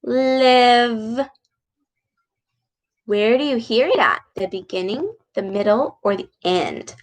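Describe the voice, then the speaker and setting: A woman with a medium-pitched, expressive voice reads a story aloud to little kids, drawing out her words in a slow, encouraging, exaggerated manner as she teaches a speech sound.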